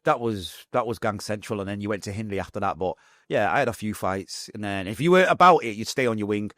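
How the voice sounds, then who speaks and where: Fast-talking Manchester man telling his story. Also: on the low side, no echo, clean studio sound. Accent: Mancunian English. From Manchester, England. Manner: fast, animated retelling with acted-out quotes. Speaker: podcast guest. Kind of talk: candid storytelling.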